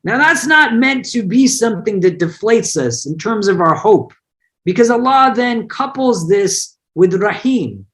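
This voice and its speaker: A man's voice: sits high, big pitch swings, measured pace, fairly bright tone. A man, an imam, giving a conversational online religious lesson, explaining word meanings and mixing in personal anecdotes. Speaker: imam teaching an online class.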